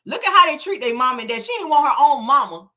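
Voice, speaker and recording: Woman w/ aave doing gossip commentary, bright sharp voice, blunt + opinionated, cusses a lot. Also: sits high, animated, quick pace. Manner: blunt, opinionated, swears freely, emphatic. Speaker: entertainment commentary host.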